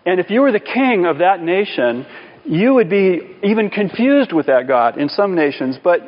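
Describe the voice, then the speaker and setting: A man preaching a sermon in a relaxed, conversational way, with asides and questions to the congregation. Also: sits high, normal speed. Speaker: pastor. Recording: dull sound with long hall reverb.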